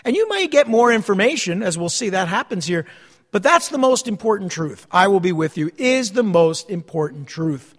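Man, pastor, high-pitched voice, sermon, repeats phrases with pauses, echoing church hall. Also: very animated, a bit bright.

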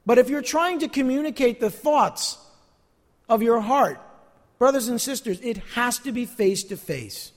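A man's voice: very high voice, animated, a little slow, in a large hall. A man preaching a sermon as pastor, earnest and emphatic, repeating key phrases for weight.

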